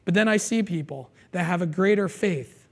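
A male pastor preaching a sermon in a conversational way, often checking in with "okay?" and "right?" and repeating his key phrases slowly for emphasis. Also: high-pitched.

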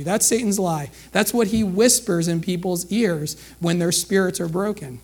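A man's voice: sits high, moderate pace, hardly any pauses, a little mellow. A middle-aged man preaching a sermon in a conversational way, full of rhetorical questions to the listeners. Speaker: pastor.

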